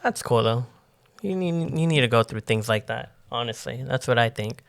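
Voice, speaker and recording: Co-host, man, average voice, casual, keeps cutting in with quick questions. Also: medium pitch, expressive, gravelly, a bit bright. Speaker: podcast co-host. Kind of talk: casual chat.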